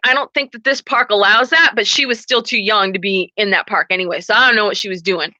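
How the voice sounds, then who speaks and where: A young adult woman telling a story to camera in a profane, animated way. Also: high voice, no room sound, low-quality recording. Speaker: vlogger. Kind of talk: casual storytelling.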